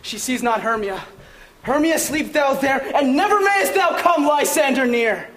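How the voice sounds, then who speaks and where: A man's voice: very high-pitched, lively intonation, a little slow, fairly bright tone, heavily acted. A man playing an ardent, impassioned young lover in a Shakespeare reading, declaiming the verse.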